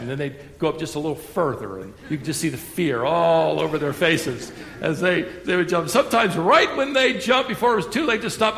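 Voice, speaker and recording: High, bright-voiced man preaching in a hall. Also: creaky, a little hiss or hum. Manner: expressive preacher, stretches key words slowly, light humor. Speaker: pastor. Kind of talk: sermon. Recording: echoey hall with long reverb.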